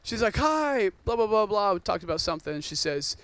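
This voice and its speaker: A man's voice: high-pitched, big pitch swings, brisk, a bit bright, no echo. A man in his thirties, a pastor, preaching a sermon and telling a joking personal story.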